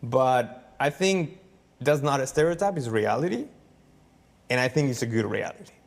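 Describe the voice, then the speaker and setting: A man from the United States in a casual conversation, animated and acting out little quoted exchanges as he speaks. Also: medium pitch, moderate pace, gravelly. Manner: animated, acts out quoted dialogue. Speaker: foreign resident interviewed in a clip. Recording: long reverb in the room.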